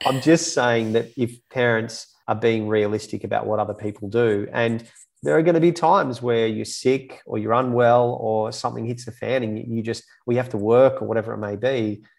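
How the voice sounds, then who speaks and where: Man, gravelly, mid pitch, explains in long runs, casual podcast chat. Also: fairly even intonation, normal speed. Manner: explains in long runs, often tagging "right?".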